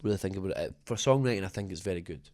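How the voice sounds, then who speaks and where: A man's voice: low voice, very fast, a little mellow. A man being interviewed as a singer, talking casually in a rambling, self-deprecating way with many fillers and restarts.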